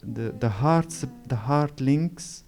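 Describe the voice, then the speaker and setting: Slow-spoken man in his forties. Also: mid-range voice, darkish tone. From Morocco. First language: Moroccan Arabic. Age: 40s. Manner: searching for words, frequent restarts and pauses. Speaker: author speaking at a literary event. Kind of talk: reflective storytelling on stage.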